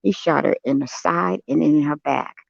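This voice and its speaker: An older man with a gravelly, fry-edged voice that sits a bit high for a man. He tells a personal account in an earnest, shaken way. The sound is dull and lo-fi, dry and close. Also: moderate pace, dry recording. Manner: earnest, shaken storytelling with soft affirming hums. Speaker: guest on a live stream. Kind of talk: casual chat, personal account.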